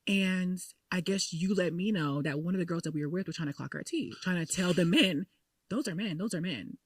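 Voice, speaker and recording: A woman's voice: on the low side, brisk, no echo, studio quality. A young adult woman co-hosting a podcast, telling gossipy stories in casual chat. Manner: gossipy, animated storyteller. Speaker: podcast co-host.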